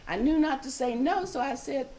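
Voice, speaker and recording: An older woman telling a family story live, expressive and laughing often. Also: high voice, normal speed, slight background noise.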